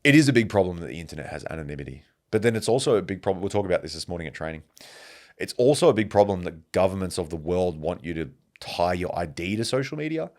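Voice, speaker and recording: A man hosting a podcast, telling stories in a casual, animated monologue and swearing freely. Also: deep voice, quick pace. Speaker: podcast host.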